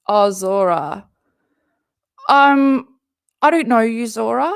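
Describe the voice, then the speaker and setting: Woman, gravelly voice, slow and rambling, casual live reaction chat, swears a lot. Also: a little high, expressive, dry recording, studio quality. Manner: swearing, rambling, self-interrupting, laughing. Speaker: reaction streamer.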